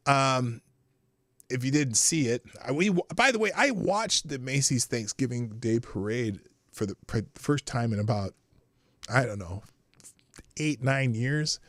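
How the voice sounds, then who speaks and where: A man's voice: mid-range voice, a bit bright, dry recording. Guy hosting a live stream, chatty, reads stuff out and laughs a lot, dry sound. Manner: chatty, laughs often, reads articles aloud. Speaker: live show host. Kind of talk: casual live-stream commentary.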